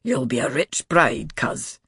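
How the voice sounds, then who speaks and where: A man's voice: mid-range voice, very animated, slow pace, sharp tone, husky, dry recording, studio quality, full character voice. A man voicing a coarse, mocking middle-aged king with a Scottish accent in an audiobook, teasing and half muttering to himself. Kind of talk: audiobook character voice.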